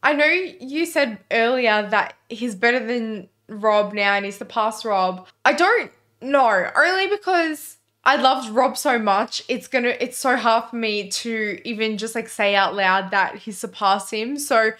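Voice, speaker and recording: A woman co-hosting a show reviewing a TV episode, talking in an expressive, emotional way. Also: fairly high pitch, measured pace. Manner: emotional, expressive, laughs easily. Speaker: reaction channel co-host. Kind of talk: casual chat.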